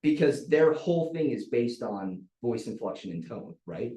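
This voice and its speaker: A man's voice: mid-range voice, sing-song, moderate pace, mellow. A man leading a team meeting as a trainer. He tells stories conversationally and demonstrates vocal inflection as he talks. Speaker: real estate team trainer. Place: office meeting room. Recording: roomy echo.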